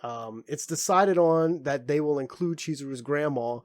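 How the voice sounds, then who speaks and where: A man hosting a casual anime podcast, recapping an episode in a loose, profane, animated way. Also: fairly high pitch, normal speed, dry recording, studio quality. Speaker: podcast host.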